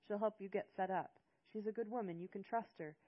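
A woman's voice: mid-range voice, a little fast, dull audio, natural voice. A woman voicing an urgent, pleading father who begs his daughter to listen, in an audiobook. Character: urgent desperate father, older man.

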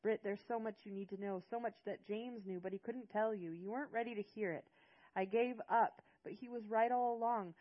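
A woman's voice: mid-range voice, fairly even intonation, normal speed, lo-fi sound, voice pushed up, natural voice. A woman voicing an urgent, pleading father who begs his daughter to listen, in an audiobook. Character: urgent desperate father, older man.

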